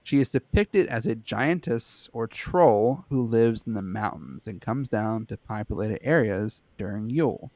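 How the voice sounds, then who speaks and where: A man co-hosts a casual podcast with a rough, gravelly texture to his voice. He keeps things loose and joking and swears offhand. The sound is dry and close, with no room around it. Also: medium pitch, dry recording. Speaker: podcast co-host. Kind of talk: casual chat.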